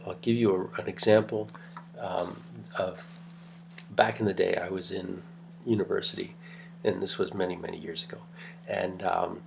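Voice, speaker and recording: Gravelly-voiced man lecturing casually. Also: sits low, a little hiss or hum. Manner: rambling, restarts, lots of fillers. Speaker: university lecturer. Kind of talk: casual classroom lecture with anecdotes.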